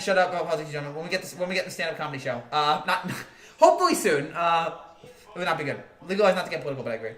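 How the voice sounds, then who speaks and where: A man's voice: sits high, a bit bright. Chatty man streaming live in an echoey room. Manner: rambling, laughing, with frequent fillers and restarts. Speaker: livestream host. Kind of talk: casual livestream chat reading viewer comments. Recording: roomy echo.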